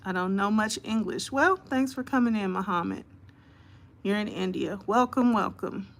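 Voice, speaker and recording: In a mid-range voice, a woman host on a live stream haltingly reads out news reports, padding them with fillers and saying hello to her viewers by name.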